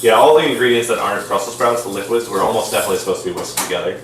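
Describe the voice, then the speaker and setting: Man, dry teasing quips, fast and lively, distant, roomy echo. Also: fairly low pitch, slight background noise. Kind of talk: casual chat. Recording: echoey room, distant from the mic.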